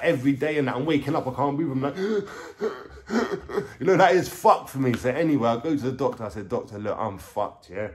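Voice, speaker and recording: Young london guy rambling, swearing, lots of yeah and you know, middle pitch. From England. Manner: rambling, profane street slang, lots of fillers. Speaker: vlogger. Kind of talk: casual storytelling to camera. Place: indoors at home.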